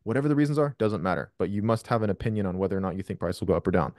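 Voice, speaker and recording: A man's voice: lowish voice, very fast, a little mellow, no room sound, studio quality. A man hosting a live trading question session over a video call, blunt and profane with emphatic explanations. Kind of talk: live Q&A coaching.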